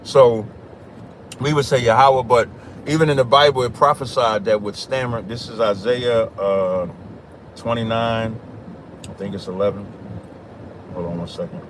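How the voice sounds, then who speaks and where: A man's voice: mid-range voice, fairly even intonation, normal speed, pauses often, a little hiss or hum. A man hosting a call-in livestream, reading scripture aloud and talking over interrupting callers. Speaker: livestream host.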